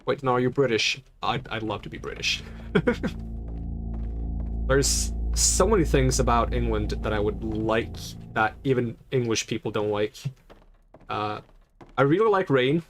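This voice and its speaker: A man's voice: mid-range voice, moderate pace, faint music behind. A young man chatting casually on a live stream while playing, rambling and answering questions from chat.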